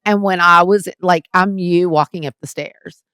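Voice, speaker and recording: Middle-aged woman podcast host, lively storyteller, dry close sound. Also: on the low side, normal speed, smooth, no echo. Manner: animated storyteller, laughs often. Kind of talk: casual chat.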